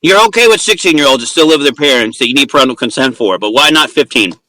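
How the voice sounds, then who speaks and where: A man in a heated online voice-chat argument, talking loudly and accusingly, swearing and cutting in over others. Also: medium pitch, animated, no room sound. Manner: loud, accusing, profane, rapid interrupting.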